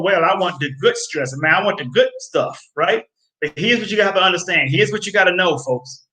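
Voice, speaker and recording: A man with a fairly high, bright and forceful voice delivers a preachy talk straight to his viewers. He hammers home each point by repeating it and keeps calling his audience folks. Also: rough recording. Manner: emphatic, repeats phrases, addresses viewers as folks. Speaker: health video host. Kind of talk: preachy direct-to-camera talk.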